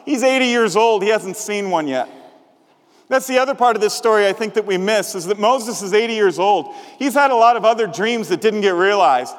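A man's voice: sits high, a little fast. A male pastor preaching a sermon in a conversational, humorous way, asking the congregation questions. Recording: long reverb of a large hall.

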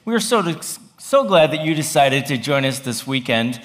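A man's voice: mid-range voice, sing-song, moderate pace. Wry man preaching in a reverberant hall. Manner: wry, self-deprecating storyteller. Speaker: campus pastor. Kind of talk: humorous sermon storytelling.

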